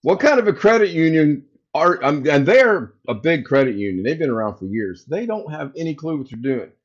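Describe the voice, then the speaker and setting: A man's voice: on the high side, fairly quick. Man telling a story on a livestream, lo-fi. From United States. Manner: animated, acts out both sides of a phone call. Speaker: livestream host. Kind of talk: casual storytelling to live chat. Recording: slightly dull lo-fi sound.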